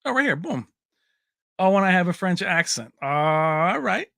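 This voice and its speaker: A man's voice: fairly high pitch, sing-song, fairly quick, creaky, bright, forceful tone, dry recording, clean studio sound. A man hosting a casual livestream, reading out viewers' names and locations and joking with the chat. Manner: chatty, reads names and places aloud, jokey. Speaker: livestream host.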